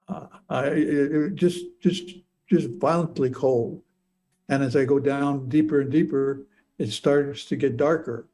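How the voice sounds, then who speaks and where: An older man telling a personal story in a halting way, often repeating and stammering over his words. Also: mid-range voice, dark tone. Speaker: speaker telling a near-death experience.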